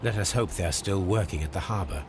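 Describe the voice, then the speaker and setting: An actor playing a calm, sardonic male detective, speaking in a dry, measured way. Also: low-pitched, noisy background, natural voice.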